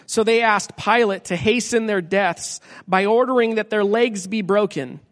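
A man on a church staff reading a scripture passage aloud with deliberate pauses. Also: high voice, in a large hall.

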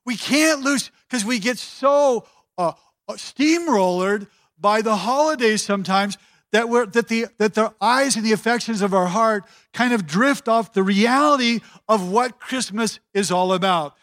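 A pastor preaching a sermon, building long cadenced lists and leaning on key words. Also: male voice, sits high, measured pace, fairly bright tone.

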